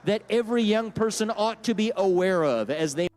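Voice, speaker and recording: A man gives a measured, earnest prepared speech with a fairly high voice. It is a clip played during a stream. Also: animated, a little mellow, faint music behind. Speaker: political candidate in a clip.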